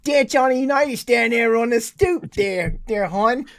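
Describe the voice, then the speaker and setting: A man's voice: very high voice, moderate pace, fairly bright tone, no echo, pitched above the performer's own voice. A man voicing a chatty older woman with a Baltimore accent, sitting on her stoop. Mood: boisterous.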